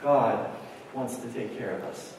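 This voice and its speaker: Animated preacher man in an echoey hall. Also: mid-range voice, measured pace, slight background noise. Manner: animated storyteller, acts out dialogue. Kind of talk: storytelling sermon. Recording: echoey hall recorded from far off.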